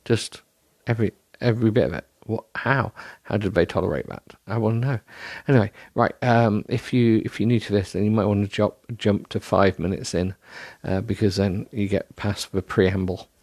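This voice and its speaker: A man's voice: lowish voice, steady tone, normal speed, few pauses, darkish tone, dry recording. A man hosting a solo podcast, rambling in a self-deprecating way with many ums and restarts, sounding tired. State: tired, yawning. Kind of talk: rambling casual monologue.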